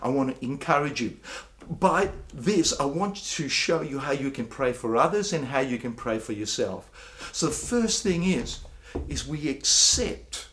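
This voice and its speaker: A man preaching a sermon, emphatic, often repeating words and slowing down for declarations. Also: medium pitch, expressive, a bit bright. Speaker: pastor.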